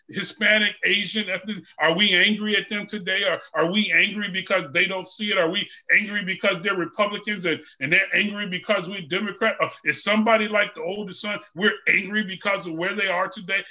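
A man a sermon, swinging between shouted peaks and soft, searching questions to the congregation. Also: high voice, muffled recording. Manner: call-and-response preaching, shouting at peaks, dropping to soft questions. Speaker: preacher.

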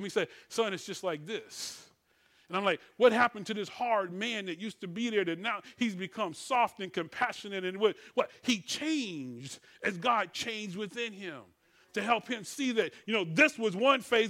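A middle-aged man preaches in a high, ringing voice. He works the congregation with call-and-response, tossing out "what?" and answering himself. He swings from shouted proclamations down to soft, tender murmurs. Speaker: pastor. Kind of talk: sermon.

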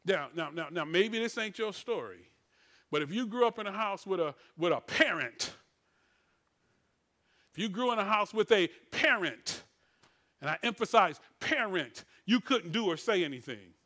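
A middle-aged man preaches in a high, ringing voice. He works the congregation with call-and-response, tossing out "what?" and answering himself. He swings from shouted proclamations down to soft, tender murmurs. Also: animated, fairly quick. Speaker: pastor. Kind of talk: sermon.

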